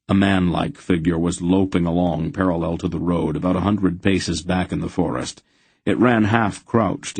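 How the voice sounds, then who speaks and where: A man reading a fantasy audiobook in measured, dramatic narration. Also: deep voice, a little mellow, husky, no echo. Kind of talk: scripted narration.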